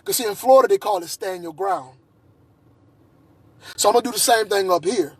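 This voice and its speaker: A man's voice: high voice, breathy edge, no echo. A man in a heated personal monologue, agitated and repeating himself. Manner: agitated, repetitive, restarts often. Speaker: vlogger.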